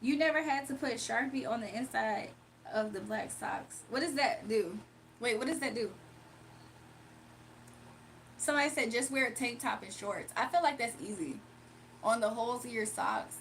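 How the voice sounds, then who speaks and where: A woman with a slightly high voice chats casually on a livestream, reading viewer comments aloud and laughing often. Faint background hiss sits under her voice. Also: moderate pace, long pauses. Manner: chatty, laughs often, answers viewers directly. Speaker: livestream host reading chat. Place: home, early morning.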